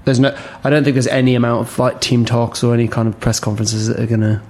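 A man chatting on a casual podcast at an average pitch. He stops and restarts often, hunting for his words. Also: fairly even intonation, darkish tone. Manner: halting, many restarts and fillers. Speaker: podcast co-host.

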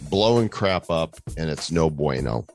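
Deep-voiced man hosting a podcast. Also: lively intonation, measured pace, creaky, soft background music. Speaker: podcast co-host. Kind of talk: casual podcast chat.

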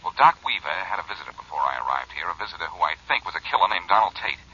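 Cool and wry, a hardboiled detective who never raises his voice. His tone is deep and bright at once, clipped and dry. It comes through a dull, muffled old radio recording. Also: very animated, rapid-fire, husky, full character voice. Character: Blackie, cool wisecracking male detective. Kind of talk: 1940s radio acting.

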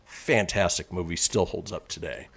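A man hosting a casual radio show, reading history items with quick asides. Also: low voice, creaky, a bit bright, breathy edge.

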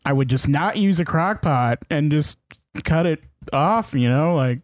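Podcast player, animated and incredulous, lively pitch, dry close sound. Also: a little slow, dry recording. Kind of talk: casual podcast banter.

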